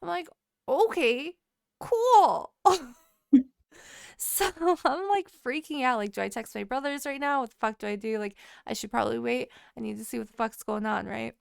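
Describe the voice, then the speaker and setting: A woman co-hosting a podcast, telling a story in casual chat, animated and full of swearing. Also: fairly high pitch, fairly quick, gravelly, few pauses, clear, resonant tone, no room sound, studio quality. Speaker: podcast co-host.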